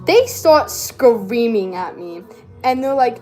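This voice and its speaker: A woman's voice: on the high side, animated, slow, dark tone, soft background music. A teenage girl telling a rambling, slangy story while crafting, with lots of fillers and laughs. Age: teens. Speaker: vlogger.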